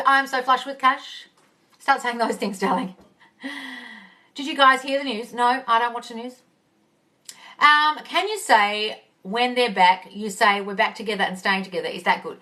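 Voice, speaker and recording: A woman's voice: fairly high pitch, sharp tone, far from the mic. A woman coaching on a phone live stream, reading viewer questions aloud and answering them bluntly and casually, calling everyone darling and swearing freely. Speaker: manifesting coach.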